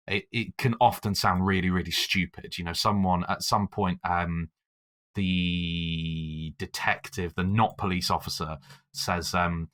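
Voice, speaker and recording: Deep bright-toned man, stammering discussion. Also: steady tone, a little slow. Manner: stammering restarts, hedging. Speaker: podcast co-host. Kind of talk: casual discussion.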